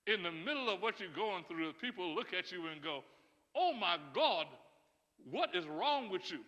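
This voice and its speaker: A man preaching a sermon as pastor, emphatic and often laughing, building to loud, rising calls. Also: high-pitched, expressive, normal speed. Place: church sanctuary. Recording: church sanctuary with long reverb.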